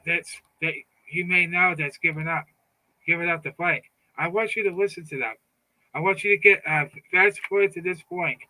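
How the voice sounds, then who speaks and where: A middle-aged man speaks in a fired-up, taunting monologue, with a bright, forceful, cutting edge to his voice that sits a little high. He stumbles and repeats words as he pushes on. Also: rough recording. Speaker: political commentator. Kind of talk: casual monologue.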